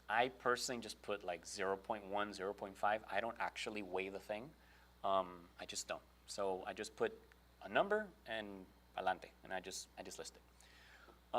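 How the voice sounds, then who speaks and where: A man's voice: lowish voice, a bit bright. A man from Brooklyn giving a casual webinar talk on online selling, chatty and full of fillers, acting out quoted exchanges as he goes. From Brooklyn, New York.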